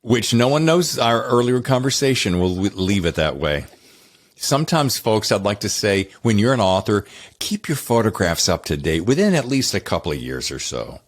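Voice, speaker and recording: A man's voice: on the low side, big pitch swings, normal speed. A man with a Southern American accent from North Carolina, hosting a podcast interview in a chatty, rambling, effusive way. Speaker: podcast host. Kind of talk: casual interview chat.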